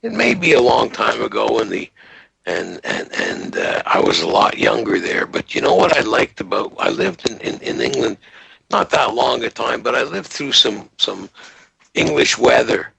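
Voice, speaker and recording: Older guest, gravelly voice, close and dry, rambling storyteller. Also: male voice, normal speed, no room sound, low-quality recording. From Montreal. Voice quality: gravelly, husky voice. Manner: rambling storyteller, lively pitch. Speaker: podcast guest. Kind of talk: casual call-in chat.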